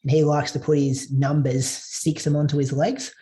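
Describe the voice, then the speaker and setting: A man hosting a podcast interview, relaxed and conversational. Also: fairly high pitch, normal speed. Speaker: podcast host.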